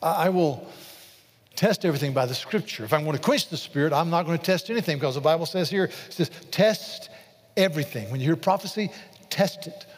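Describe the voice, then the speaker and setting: A man preaching a sermon, telling a story with animated, repetitive delivery and acting out the quoted preacher. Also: fairly high pitch, fairly quick, breathy edge. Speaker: pastor. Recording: long reverb of a large hall.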